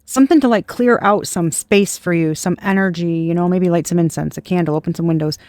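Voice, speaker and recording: A tarot reader giving a casual, rambling intuitive reading straight to viewers, with soft laughs and the odd swear word. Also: medium pitch, brisk, no echo. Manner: rambling, chatty, speaks to unseen viewers.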